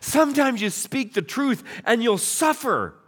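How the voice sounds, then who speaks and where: Animated man preaching a sermon. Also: very high voice, a little slow. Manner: animated storytelling, acting out biblical voices. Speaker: pastor.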